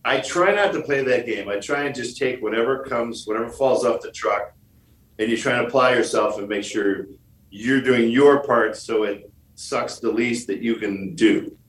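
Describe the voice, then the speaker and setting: A man's voice: mid-range voice, normal speed, recorded from a distance. A man from Michigan, a podcast guest, swaps jokey stories and acts out every line he quotes. He sits a bit back from the mic in a room that echoes, with a faint hiss under him. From Michigan, USA. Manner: jokey storyteller, plays out quoted lines. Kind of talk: podcast interview.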